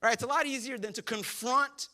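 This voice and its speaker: A man in his thirties delivers a sermon with a high, bright voice. He preaches like a storyteller, cracking jokes, laughing often and acting out the lines of the people in the story. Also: a little fast. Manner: joking storyteller, acts out quotes. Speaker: pastor.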